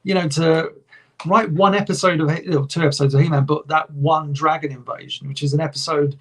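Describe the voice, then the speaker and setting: A man's voice: a little high, steady tone, brisk, a bit bright, slightly rough. A man co-hosting a podcast, talking with enthusiasm in a rambling way and swearing often. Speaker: podcast co-host. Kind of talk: casual chat.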